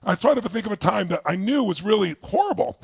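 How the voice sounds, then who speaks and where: Man, motivational storyteller, gravelly raspy voice, big swinging pitch, dry sound. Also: fast, no room sound. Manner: animated, emphatic, swears freely. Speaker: motivational speaker.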